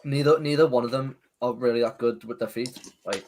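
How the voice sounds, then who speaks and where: A man's voice: mid-range voice, steady tone, brisk, darkish tone. A man with a Scouse accent calling into a stream, arguing about football confidently and casually. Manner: confident, opinionated, swears casually. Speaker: caller, football fan. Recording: noisy voice call.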